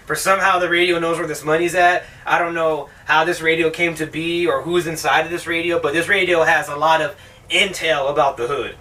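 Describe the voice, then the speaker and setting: A man rambles through a movie review, swearing freely and sounding sarcastic. His voice sits a bit high and comes across bright and forceful. He is a little far from the mic. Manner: profane, rambling, sarcastic, with mocking put-on voices. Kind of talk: casual rambling film review.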